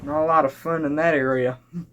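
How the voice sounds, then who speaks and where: A young man telling comic stand-up stories, rambling and halting with frequent restarts. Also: fairly high pitch, fairly even intonation, muffled recording. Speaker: stand-up comedian. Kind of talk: stand-up comedy storytelling. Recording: live crowd laughter and noise. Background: audience laughing.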